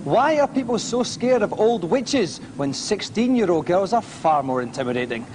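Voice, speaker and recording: A man's voice: sits high, big pitch swings, moderate pace. A man hosting a games show from an office, asking questions and signing off with dry jokes. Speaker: host. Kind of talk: presenting to camera. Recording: noticeable background noise.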